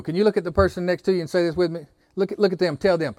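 High-voiced preaching man, dry sound. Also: very fast, hardly any pauses, a little mellow, no room sound. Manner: preaching with rising emphasis and call-and-response. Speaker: pastor. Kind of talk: sermon.

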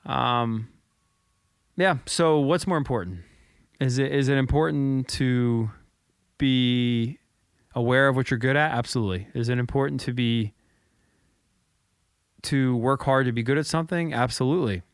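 A man co-hosting a podcast, telling a story in an earnest, reflective way, often halting and repeating his words. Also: mid-range voice, clean tone, no room sound, clean studio sound. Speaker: podcast co-host.

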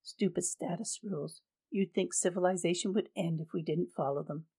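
A man's voice: high voice, moderate pace, dark tone, husky. A woman voicing a troubled young man who speaks frankly and resentfully about his family in a storybook reading. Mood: scornful.

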